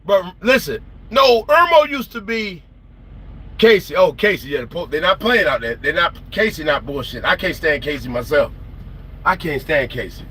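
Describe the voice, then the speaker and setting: A man's voice: on the high side, moderate pace, slightly rough. A man, telling stories in a slangy, emphatic way on a late-night trucking livestream. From South Carolina. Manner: animated, slangy, emphatic storytelling. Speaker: trucker vlogger.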